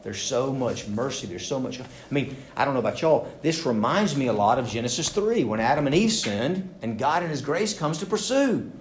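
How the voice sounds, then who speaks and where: In a church sanctuary, a pastor with a mid-range voice preaches a little fast, with few pauses, animatedly acting out the people he quotes. There's a roomy echo and faint background noise.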